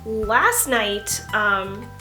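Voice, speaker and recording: A young woman in her twenties chatting casually through a makeup tutorial, telling stories in an animated, giggly way. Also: mid-range voice, very slow, soft background music. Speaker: beauty vlogger.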